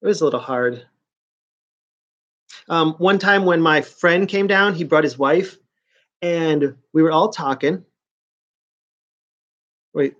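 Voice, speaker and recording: A man's voice: on the high side, takes it slowly, pauses often, fairly bright tone. A man in his forties with a New York accent, chatting casually to viewers on a live stream, rambling and stop-start. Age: 40s. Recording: dull lo-fi stream audio.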